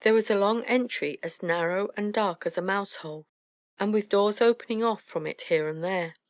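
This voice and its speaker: A woman narrating a children's storybook in a gentle, measured way. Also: medium pitch, no echo, studio quality. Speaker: audiobook narrator.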